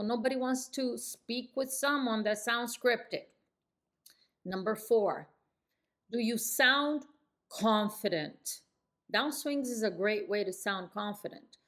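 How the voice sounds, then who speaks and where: A middle-aged woman coaching real estate agents, speaking firmly in falling tones and jumping up high to demonstrate. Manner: emphatic, demonstrates phone tones with sudden high pitch jumps; speaks in firm downswings. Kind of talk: coaching lesson to camera.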